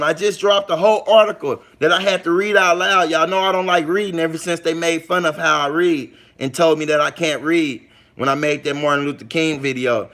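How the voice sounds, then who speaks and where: A man's voice: fairly high pitch, steady tone, a little fast, fairly bright tone. A man hosting a casual livestream, reading out chat comments and talking straight to viewers in a loose, slangy way, repeating points for emphasis.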